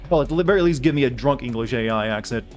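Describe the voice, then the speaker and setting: Male streamer, casual gaming commentary, rambling, joking, mid pitch. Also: animated, quick pace, faint music behind. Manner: rambling, joking, thinks aloud.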